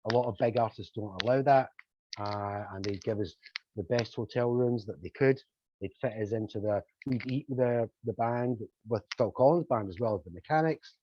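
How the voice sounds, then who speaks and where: Older man telling lively stories. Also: mid-range voice, moderate pace, background noise. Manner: animated anecdotes, acting out quoted voices. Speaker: musician guest. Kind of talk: storytelling in a podcast interview. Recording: slightly dull lo-fi audio.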